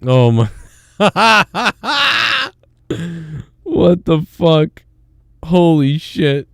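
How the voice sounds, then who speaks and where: A man's voice: sits high, very animated, very slow, vocal fry, fairly bright tone, dry recording, clean studio sound. A man hosting a podcast, chatting loosely with lots of swearing and laughing. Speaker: podcast host. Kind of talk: casual podcast banter.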